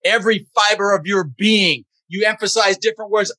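A man's voice: high-pitched, fairly even intonation, fairly quick, hardly any pauses, bright, forceful tone, no room sound. A man talking as an interview guest, emphatic and motivational, blunt and a little profane. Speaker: podcast guest, real estate investor. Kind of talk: energetic interview talk.

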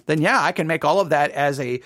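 A man with a high voice delivers an earnest, sermon-style talk, stumbling and circling back over his words as he presses a point. The sound is close and dry, with no room around it. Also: brisk, a bit bright, no room sound. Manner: earnest, repeats and restarts phrases, rises when quoting cries. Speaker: preacher. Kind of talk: impassioned sermon-style commentary.

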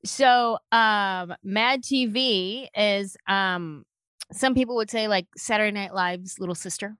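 A woman guest, a comedian, telling stories in lively conversation and slipping into quick voices as she goes. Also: mid-range voice, smooth, no echo, studio quality. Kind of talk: animated storytelling in conversation.

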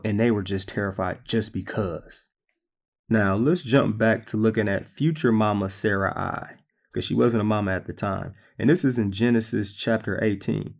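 A man preaching a sermon, retelling scripture stories in a conversational, animated way. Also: lowish voice, creaky.

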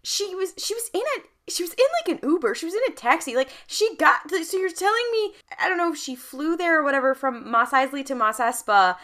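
Bright lively young woman chatting. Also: sits high, fairly quick, few pauses. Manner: animated, rambling, bursts of laughter. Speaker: podcast co-host. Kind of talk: casual chat.

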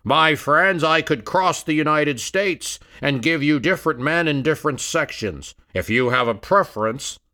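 A man performs an aging statesman making a speech, his voice pitched higher and louder than the narrator's normal voice. He declaims in a formal, emphatic way and leans hard on every phrase. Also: normal speed, few pauses. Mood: declaiming. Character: aging male orator pleading to a rowdy hall.

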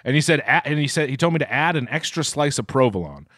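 Rambling, lively man telling a story. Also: mid-range voice, fast, no room sound, studio quality. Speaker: podcast co-host. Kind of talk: casual food podcast chat.

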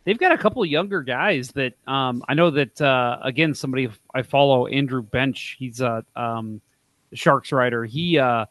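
A man's voice: mid-range voice, moderate pace, fairly bright tone, no room sound. A man co-hosting a casual sports podcast, chatty and wry. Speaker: podcast co-host.

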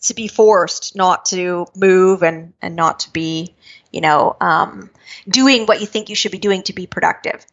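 A woman from British Columbia, Canada, a spiritual medium, telling her life story in an interview, quick-moving and acting out her own past thoughts. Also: lowish voice. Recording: dull lo-fi recording.

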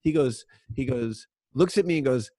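A man co-hosting a podcast, chatting casually and telling animated stories about his playing days with plenty of swearing. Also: medium pitch, normal speed, no room sound, clean studio sound. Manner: animated, swears freely, acts out quotes loudly. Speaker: podcast co-host, former player. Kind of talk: casual chat, storytelling.

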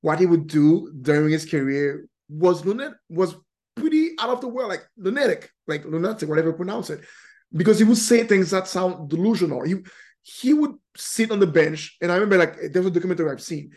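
Podcast guy, voice a bit high, restarts a lot and fumbles words while making his argument. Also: expressive, brisk, a little mellow. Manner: searches for words, restarts, builds an argument with examples. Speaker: podcast co-host. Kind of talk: casual podcast discussion.

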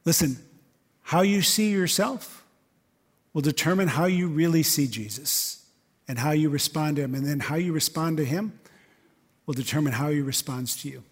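A pastor delivering a sermon to his church in a slightly higher-than-usual male voice. He talks conversationally and leans on emphasis, often checking in with the congregation through quick rhetorical questions. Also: breathy edge, big-room sound. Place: church service.

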